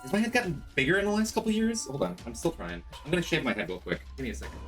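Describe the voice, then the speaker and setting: Lively male streamer, excited greetings. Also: racing, few pauses, faint music behind. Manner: animated, jumps into excited high greetings. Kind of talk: casual game-stream chat. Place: home room.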